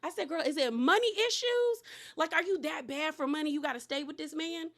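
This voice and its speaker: A high-pitched woman with a bright, forward voice gossips through a reality show recap. She is animated and sassy and keeps calling the cast "girl". Her chatty delivery often tips into laughter and loud exclamations. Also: a little fast.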